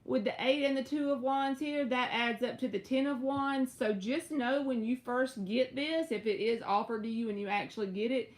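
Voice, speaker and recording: A young woman with a Southern US drawl chats through a casual live-stream tarot reading. Her voice sits a little high, and she stretches her words and leaps up in pitch now and then. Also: normal speed, few pauses. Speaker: tarot reader.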